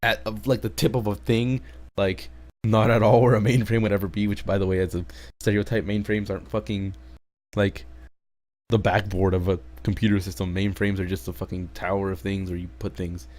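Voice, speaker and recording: A man's voice: fairly low pitch, level tone, fairly quick, a little mellow. A man recapping anime episodes in a casual, rambling way, swearing often and trailing into asides. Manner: rambling, profane, full of fillers and asides. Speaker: anime reviewer.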